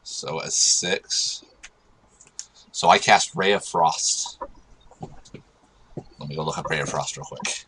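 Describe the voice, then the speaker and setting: A man playing a tabletop game, explaining his moves step by step with frequent pauses. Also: extremely low pitch, sharp tone, slight background noise, low-quality recording. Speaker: player. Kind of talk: casual game talk.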